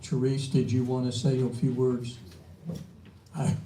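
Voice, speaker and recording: A man chairing a city council meeting, speaking politely with many halting uh's and restarts. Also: medium pitch, little pitch movement, warm tone, slight background noise. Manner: halting, filler-heavy, polite. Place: council chamber. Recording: roomy chamber, voice from far off.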